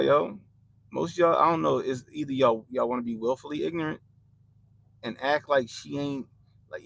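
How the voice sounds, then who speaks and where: A young man hosting a livestream, ranting bluntly and profanely about politics to his chat in animated slang. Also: medium pitch, creaky, no room sound, low-quality recording. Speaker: livestream host.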